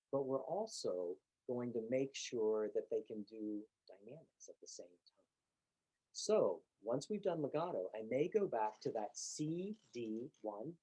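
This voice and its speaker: A man teaching piano, explaining calmly and patiently, step by step. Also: medium pitch, husky, rough recording. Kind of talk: instructional demonstration.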